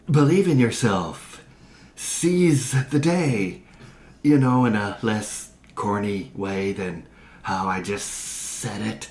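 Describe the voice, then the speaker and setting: A man voicing a giant bug turned internet celebrity who sounds wry and a little anxious. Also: lowish voice. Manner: wry, self-conscious, mildly anxious. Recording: roomy echo.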